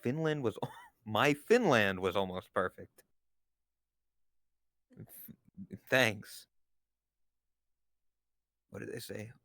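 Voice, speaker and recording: A man's voice: fairly low pitch, animated, takes it slowly, long pauses, a bit bright, dry recording, studio quality. A man chatting casually on a stream, joking and teasing his co-host. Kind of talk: casual chat.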